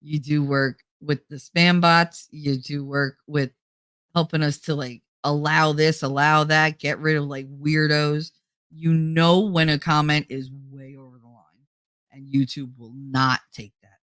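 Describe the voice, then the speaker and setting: A woman's voice: deep voice, fairly even intonation, a little slow, a bit bright, dry recording. A middle-aged woman hosting her own channel, chatting casually to viewers in a rambling, joking way and laughing often. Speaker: YouTube channel host.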